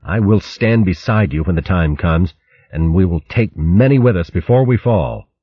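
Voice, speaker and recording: A determined mouse warrior from a storybook, voiced by a man, speaking solemn, earnest oaths. His voice is low and husky. The recording is dry and slightly dull. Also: lively intonation, normal speed, dry recording. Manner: solemn, earnest oath-taking.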